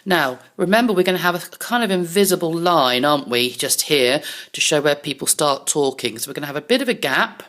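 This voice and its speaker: A woman's voice: low voice, animated, a little fast, hardly any pauses, a bit bright. A woman teaching young pupils in a recorded lesson, talking to them in an encouraging way. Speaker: primary school teacher. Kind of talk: recorded online lesson for children.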